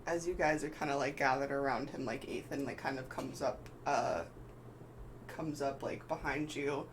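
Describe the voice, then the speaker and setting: A man's voice: mid-range voice, steady tone, moderate pace, slight background noise, low-quality recording. Filler-heavy man narrating a tabletop game. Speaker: game master.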